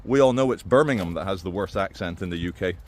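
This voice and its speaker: A male vlogger with a deep, darkish voice speaks fast in casual commentary to camera. He rambles with lots of fillers and restarts, dropping in dry, offhand asides.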